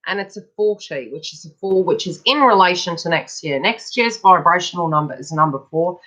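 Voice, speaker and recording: A woman's voice: lowish voice, lively intonation, brisk, fairly bright tone, poor audio. A woman giving a casual, chatty live tarot reading. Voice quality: chatty, breaks off to talk to people nearby. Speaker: psychic tarot reader.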